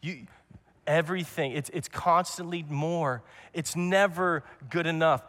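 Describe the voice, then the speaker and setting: A man's voice: fairly high pitch, a little slow, a bit bright. Earnest young man preaching in a reverberant hall. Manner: earnest, repetitive preaching with restarts. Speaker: pastor. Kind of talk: sermon.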